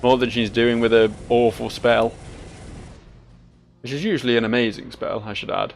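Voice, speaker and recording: A man's voice: medium pitch, fairly even intonation, moderate pace, creaky, faint music behind. A sleep-deprived man, giving rambling, sweary gameplay commentary full of self-mocking asides. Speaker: let's play host.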